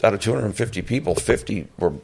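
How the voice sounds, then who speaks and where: A man's voice: fairly low pitch, fast talker, gravelly, husky. An older man, a former soldier, telling his life stories in an interview and acting out the people in them. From Phoenix, United States. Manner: animated storyteller, acts out shouted drill sergeant quotes. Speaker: guest, army veteran. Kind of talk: storytelling interview.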